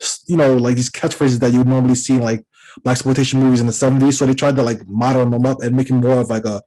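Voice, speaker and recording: A man's voice: mid-range voice, little pitch movement, very fast, dark tone, low-quality recording. A man raised in the Caribbean co-hosting a podcast, chatting casually and rambling with lots of fillers and restarts. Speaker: podcast co-host. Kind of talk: casual chat.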